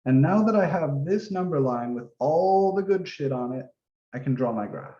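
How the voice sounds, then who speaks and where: In a dull, roomy lo-fi recording, a male math teacher works through an office-hour lesson, drawing as he thinks aloud step by step and dropping the odd mild curse. His voice sits fairly high and sounds mellow and expressive at a moderate pace.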